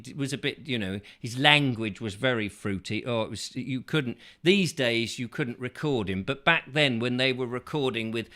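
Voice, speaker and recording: Bright-voiced rambling joker host. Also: male voice, mid-range voice. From England. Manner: rambling, jokey asides. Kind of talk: casual chat.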